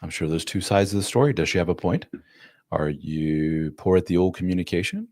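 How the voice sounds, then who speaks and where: A deep-voiced man hosts a live chat, speaking fairly quickly with no echo as he answers viewers' questions. He gives blunt, casual relationship advice to divorced dads, calls them man and dude, and animatedly acts out quoted voices.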